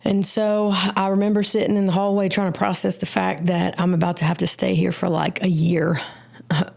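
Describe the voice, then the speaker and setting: A woman's voice: on the low side, flat delivery, moderate pace, vocal fry, a little mellow. A woman sharing her life story as a guest on a podcast, telling it animatedly with casual slang and acted-out quotes. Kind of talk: personal testimony in a podcast interview.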